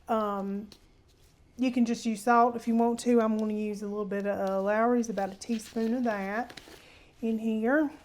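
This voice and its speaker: A woman's voice: fairly high pitch, darkish tone, slight background noise. A woman hosting a casual cooking demonstration in her home kitchen, chatty and homey, calling viewers honey. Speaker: cooking show host.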